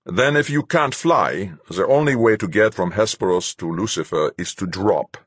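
A man voicing a bleak, somber male commander speaking slowly and ominously. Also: fairly low pitch, lively intonation, slightly rough, no echo, pitched above the performer's own voice.

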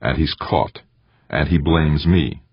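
A scheming, brooding man who frets about losing his grip on power, as a man reads him in an audiobook. The voice is extremely deep and husky. It is recorded dry and sounds a little dull and lo-fi. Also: slow pace, no room sound, heavily acted. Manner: anxious, brooding inner voice. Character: scheming ambitious man, an ex-convict leader.

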